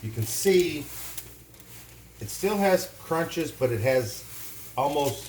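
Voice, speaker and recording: A man's voice: fairly high pitch, lively intonation, slow, darkish tone. A middle-aged man helps with a home cooking demo, cutting in with short, matter-of-fact corrections. His voice carries the echo of the kitchen, with faint noise behind him. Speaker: co-host, cook. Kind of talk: casual cooking demonstration.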